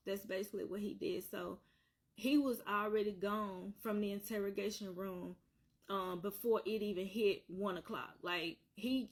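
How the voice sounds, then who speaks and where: Earnest woman retelling a hard story. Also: mid-range voice. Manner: repetitive, earnest, circling back on points. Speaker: vlogger telling her own story. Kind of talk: emotional personal storytelling.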